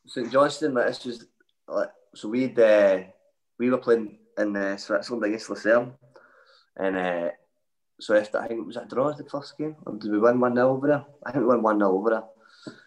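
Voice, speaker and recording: A Scottish man with a fairly low voice tells a long, rambling anecdote in a lively way. He stacks up asides as he goes. It sounds like relaxed, casual podcast talk. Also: normal speed, poor audio. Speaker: former footballer guest. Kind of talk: casual storytelling.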